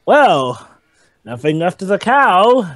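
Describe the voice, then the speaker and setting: Brief: man, high and very lively voice, jokey movie-commentary chatter, dry close sound. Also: slow pace, dry recording. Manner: jokey, mock-dramatic interjections. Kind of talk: casual movie commentary chat.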